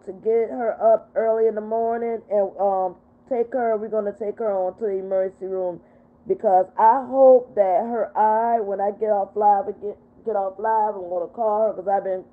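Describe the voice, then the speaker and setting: Older woman hosting a livestream, upset and tearful, voice at a mid pitch, lo-fi phone sound. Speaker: livestream host. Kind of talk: emotional livestream talk reading viewer comments. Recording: tinny phone-quality audio.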